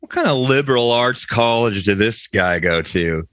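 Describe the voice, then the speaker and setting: A man's voice: mid-range voice, expressive, normal speed, fairly bright tone, no echo. A man co-hosting a comedy podcast, riffing jokes and repeating words as he goes. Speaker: podcast co-host.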